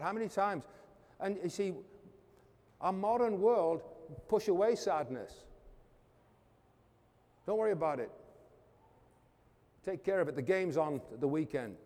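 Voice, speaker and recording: Man, pastor, sermon, fervent, loud-to-hushed swings, high voice, echoing church hall.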